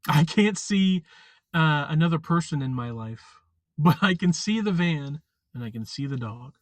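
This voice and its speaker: A man chatting casually on a live stream, rambling and halting with lots of fillers and restarts. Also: a little high, lively intonation, no echo. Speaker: vlogger.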